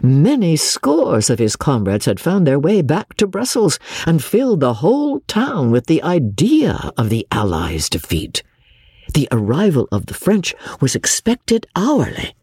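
A man narrating a classic novel as an audiobook, reading in an expressive storyteller's manner. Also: a little high, breathy edge, no room sound, studio quality.

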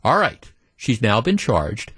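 A man's voice: mid-range voice, huge pitch swings, takes it slowly, fairly bright tone, slightly rough, dry recording, studio quality. A man hosting a talk radio show, telling a story with animation and acting out the quotes.

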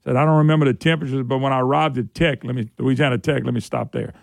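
A man's voice: mid-range voice, steady tone, rapid-fire, vocal fry, no room sound, studio quality. A man hosting a talk radio show, rambling in a folksy way and mocking people in put-on voices. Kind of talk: casual talk radio monologue.

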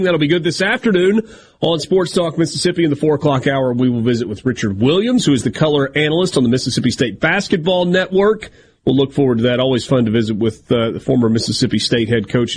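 A man's voice: mid-range voice, slight background noise. A man hosting a sports talk radio show, easygoing and wry, teasing his co-host.

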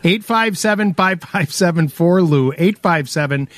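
A man's voice: sits high, moderate pace, no echo. A man hosting a call-in radio show, chatting casually and teasing his co-hosts. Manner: playful teasing banter. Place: radio studio. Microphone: studio mic.

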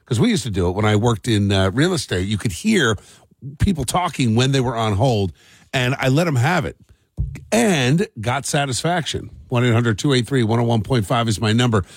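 Brief: man, New Jersey morning radio host, husky voice, dry studio sound, animated storyteller. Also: mid-range voice, moderate pace, no room sound.

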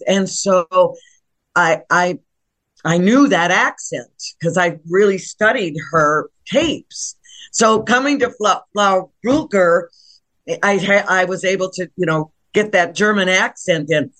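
A woman, a stage actress, answering interview questions over a video call in a halting but enthusiastic way. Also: on the low side, fairly bright tone.

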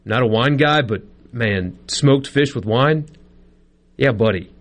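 A male sports radio co-host, rambling through self-mocking stories in loose, casual banter. His voice sits at an ordinary middle pitch. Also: slow pace.

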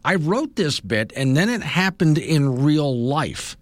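A man's voice: on the high side, very animated, slow pace, dry recording. Rambling male morning radio host. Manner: rambling, self-amused. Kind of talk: radio show chat.

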